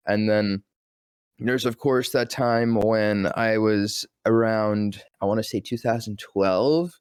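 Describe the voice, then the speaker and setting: A young man, a voice-actor guest, telling an animated story. He swears freely and acts out quotes in different voices. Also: lowish voice, slow, clean tone, no echo, studio quality.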